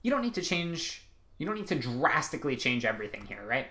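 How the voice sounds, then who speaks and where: Young guy tutoring essay writing online, chill, lots of ums, middle-pitched voice. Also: very animated, fairly quick, pushed and bright. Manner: casual, many ums and rights, restarts mid-sentence. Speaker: test prep instructor. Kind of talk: recorded online lesson.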